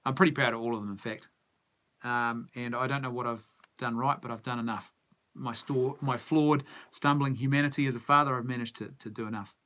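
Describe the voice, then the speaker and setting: Bright-voiced New Zealand man. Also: medium pitch, fairly even intonation, brisk. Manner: musing, answers viewer comments aloud. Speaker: movie news show host. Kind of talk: casual live-stream chat.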